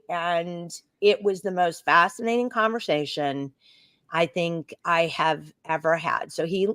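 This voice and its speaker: A middle-aged woman with an Oklahoma accent talks in a lowish voice, spinning a long story for her co-host. She is animated and chatty and slips into quoted voices. The sound is close and dry, with no room around it. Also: no room sound. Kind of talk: casual chat, telling a travel story.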